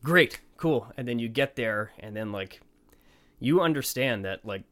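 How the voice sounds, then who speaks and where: A man's voice: fairly low pitch, normal speed. A middle-aged man, a touring band musician, telling road anecdotes in casual chat and acting out the people in them. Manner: animated anecdote teller, acts out quoted voices.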